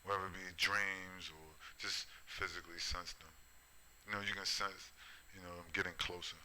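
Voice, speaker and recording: A middle-aged man delivers a preachy, profane rant with a low but cutting, sharp-edged voice. He circles back to the same phrases and keeps pressing the listener with tag questions. The talk is loose and unscripted. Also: flat delivery, moderate pace, slight background noise, rough recording. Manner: profane, repetitive, keeps asking "right?" and "you see?". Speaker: vlogger. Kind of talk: preachy ranting monologue.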